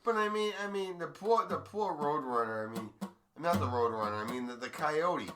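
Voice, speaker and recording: A man's voice: a little high, lively intonation, normal speed. A man chatting casually with a bandmate between songs, blunt and profane, often restarting his sentences. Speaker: musician and co-host. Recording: loud guitar playing behind.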